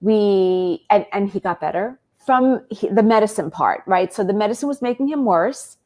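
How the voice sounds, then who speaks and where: A woman, a guest on an interview show, telling a personal story in an animated way and acting out bits of dialogue. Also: medium pitch, normal speed.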